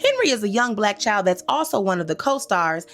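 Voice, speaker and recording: A woman's voice: mid-range voice, brisk. A woman hosting a comedic recap commentary, sassy and slangy, talking straight to her listeners and scolding the characters. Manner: animated, sassy, talks back to characters in quoted asides; slangy, addresses listeners as y'all.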